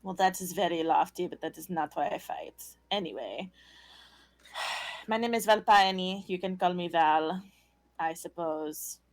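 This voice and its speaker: A cold, aloof warrior woman answers curtly and dismissively, voiced by a woman. Her voice sits fairly low. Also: a little slow. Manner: curt, dismissive.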